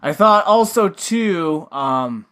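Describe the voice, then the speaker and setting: A man's voice: high voice, lively intonation, slow, fairly bright tone, smooth. A man co-hosting a podcast, reviewing a film in rambling, casual chat full of fillers and offhand swearing. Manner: mock voices when quoting characters. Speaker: podcast co-host.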